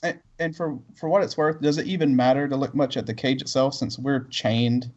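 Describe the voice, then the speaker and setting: A man's voice: medium pitch, steady tone, brisk. Lo-fi male player reasoning aloud. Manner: reasoning out loud, laughs often. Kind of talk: playing a tabletop game.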